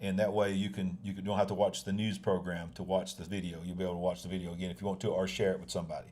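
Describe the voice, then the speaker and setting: Low-voiced man hosting a live show. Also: little pitch movement, very fast, darkish tone. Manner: folksy, repeats himself, addresses viewers directly. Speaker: host of a live news show. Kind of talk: casual live-stream talk.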